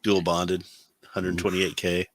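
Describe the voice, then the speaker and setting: A man's voice: low voice, completely flat delivery, slow, no room sound. A middle-aged man co-hosting a podcast in casual chat, rambling and self-mocking as he reminisces. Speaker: podcast co-host.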